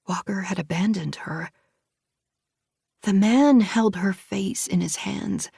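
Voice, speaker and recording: A woman narrating a suspense audiobook in a hushed, tense read. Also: fairly low pitch, creaky, husky, dry recording, clean studio sound. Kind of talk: scripted narration.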